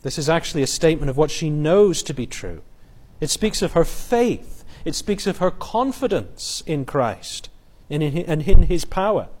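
Guy preaching, earnest, kinda higher voice, leans into key lines. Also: expressive, moderate pace, few pauses. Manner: earnest, builds emphasis, quotes scripture in a softer voice. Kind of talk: expository sermon.

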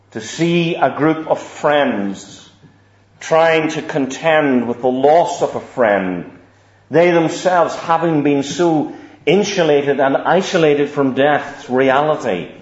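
Slow, deliberate preacher. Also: male voice, on the high side, a little mellow. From Northern Ireland. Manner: measured and deliberate, with frequent repeated words. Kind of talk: sermon. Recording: echoey room, slightly dull sound.

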